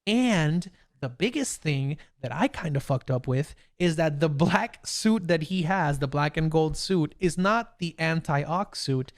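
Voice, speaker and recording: Young guy gushing about movies on a video call, kinda high voice, smooth and clear, trips over his words a lot. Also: a little slow, few pauses. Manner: excited, rambling, many restarts. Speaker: podcast co-host. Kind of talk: casual chat.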